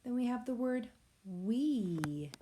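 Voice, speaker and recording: A woman teacher giving a recorded phonics lesson to young children, explaining slowly and patiently in a sing-song way. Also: fairly high pitch, animated, background noise. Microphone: tablet or device mic.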